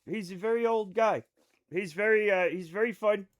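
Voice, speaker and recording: A man's voice: high voice, normal speed. A man streaming a game live, chatting loosely with his viewers, rambling and swearing.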